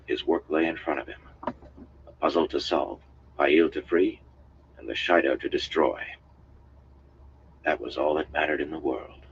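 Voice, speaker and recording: A man with an extremely deep voice reads a fantasy novel in a steady, even way. The stream audio is dull and lo-fi with a faint hiss behind him. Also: measured pace, long pauses. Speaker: audiobook reader.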